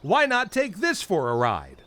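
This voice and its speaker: A man voicing a friendly, helpful female police car who speaks in a bright, encouraging tone. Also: sits high, wildly swooping pitch, measured pace, background noise, exaggerated voice. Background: music.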